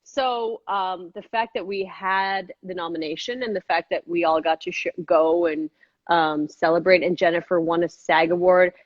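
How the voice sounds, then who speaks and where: A woman in her thirties, an actress and filmmaker, chatting in an interview and often jumping into high-pitched quoted voices. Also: fairly even intonation, moderate pace, dry recording, highs cut off. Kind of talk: casual interview chat.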